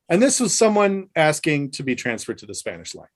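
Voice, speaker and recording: A man co-hosting a podcast, telling a work anecdote in a casual, expressive way. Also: fairly high pitch, brisk. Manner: expressive anecdote teller who acts out quoted voices. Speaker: podcast co-host. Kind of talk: casual storytelling chat.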